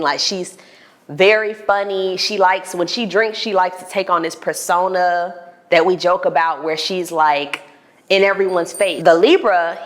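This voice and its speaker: Animated woman telling a personal story. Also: on the low side. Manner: animated, acts out voices in retold dialogue. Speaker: vlogger. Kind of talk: storytelling monologue.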